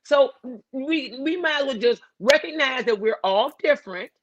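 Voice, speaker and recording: Animated woman hosting a livestream. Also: sits high, normal speed, no room sound, lo-fi sound. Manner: animated, playful, preachy. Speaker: livestream host. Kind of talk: casual livestream chat.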